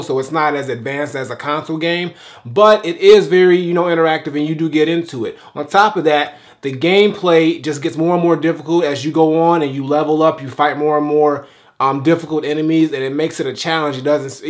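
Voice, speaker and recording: A man giving loose, rambling gameplay commentary as a game reviewer, swearing freely while he plays. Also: fairly high pitch.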